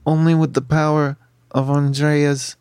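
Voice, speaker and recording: A man's voice: fairly high pitch, flat delivery, unhurried, a little mellow, clear, resonant tone, no room sound, clean studio sound, pitched below the performer's own voice, close to an everyday voice. A man voicing a pompous, formal Snurbervlin creature in a tabletop fantasy game. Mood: prim formal.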